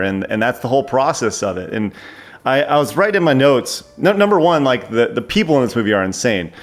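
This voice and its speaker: A man chatting excitedly as a guest film reviewer, rambling with frequent restarts. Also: medium pitch. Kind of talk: casual film review chat.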